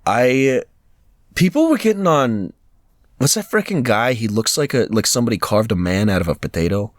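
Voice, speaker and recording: A man co-hosting a casual podcast chat, animated, laughing often and slipping into mock voices. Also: mid-range voice, normal speed, no room sound, studio quality. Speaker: podcast co-host.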